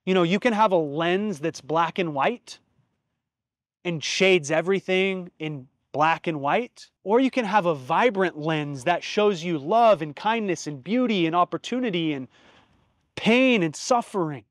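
A man in his thirties speaks in a fairly high voice as host of his own podcast. He tells stories and reflects earnestly and from the heart, dropping casual swear words. The sound is dry and close, with no room echo. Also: expressive, measured pace. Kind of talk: reflective solo podcast monologue.

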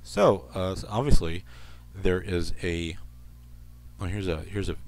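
A man hosting an internet radio show, reading odd news stories in a rambling way and slipping into soft asides. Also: sits low, unhurried.

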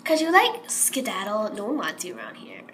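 A woman's voice: medium pitch, huge pitch swings, fairly quick, fairly bright tone. A woman voicing a mean, bossy bully girl pet in a fan toy drama, taunting and dismissive.

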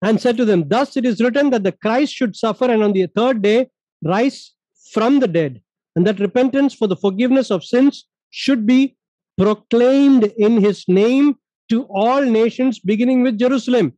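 A man from India teaches a Bible study in a high, mellow voice, pressing each point home and repeating verses. The sound is dry and close. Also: normal speed, dry recording, rough recording.

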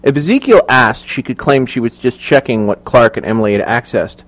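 Here a man narrates a thriller audiobook from a script, keeping his voice level and measured. He speaks at a middle pitch with a consistently steady delivery.

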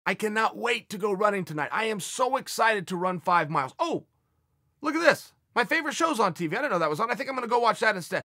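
A man's voice: high voice, expressive, fast talker, bright, forceful tone, no room sound, studio quality, full character voice. A man mimicking a cheerful, lazy guy who gushes about running and then gets distracted and skips it. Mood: gushing. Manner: gushing, then easily distracted.

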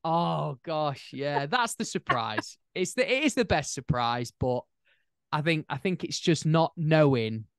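A man's voice: fairly high pitch, a little slow, creaky, smooth, no room sound. Chatty man, dry close sound. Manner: animated storyteller, rambling with restarts. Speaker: podcast guest, new dad. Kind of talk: casual chat.

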